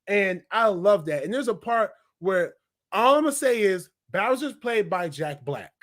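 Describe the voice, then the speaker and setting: A young man giving a casual, rambling film review, full of excited asides and filler words. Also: high voice, a little slow. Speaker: movie reviewer.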